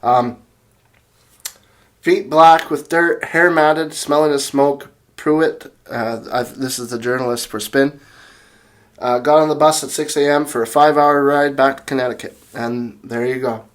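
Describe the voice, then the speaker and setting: In an unhurried, mid-range voice, a young music channel host recounts a chaotic story for a casual video. The telling is rambling and excitable, with many restarts and fillers and quotes read from his notes.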